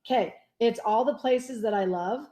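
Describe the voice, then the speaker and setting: Woman, eager chatty teacher, a bit high voice, echoey room on a video call. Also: normal speed, dark tone. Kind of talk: casual sharing in a class discussion.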